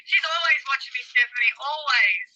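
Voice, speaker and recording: High, bright Australian woman taunting. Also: brisk, dull audio. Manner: taunting, insulting. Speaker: livestream guest. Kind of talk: heated online argument.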